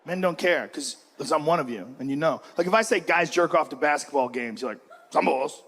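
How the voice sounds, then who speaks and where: A man's voice: on the high side, fairly quick, a bit bright, big-room sound. A man doing stand-up who teases the audience and acts out a bickering couple. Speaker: stand-up comedian. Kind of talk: stand-up routine.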